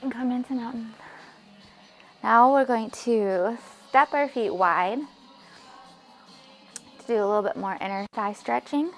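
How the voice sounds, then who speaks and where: Gravelly-voiced woman guiding a yoga class. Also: fairly high pitch, unhurried, long pauses. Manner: calm, encouraging cues, breathy asides. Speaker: yoga instructor. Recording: music playing faintly behind.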